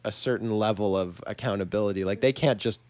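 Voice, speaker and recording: A man's voice: lowish voice, fast, darkish tone, no room sound. Rambling young man, dry close sound. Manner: rambling, laughs often, many "like" fillers. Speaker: podcast host, runs a web agency. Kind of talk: casual chat among friends.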